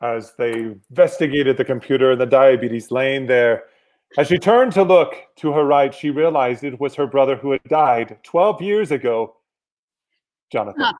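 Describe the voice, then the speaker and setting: A man improvising a story in a gentle storybook narration. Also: medium pitch, moderate pace. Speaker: improv performer.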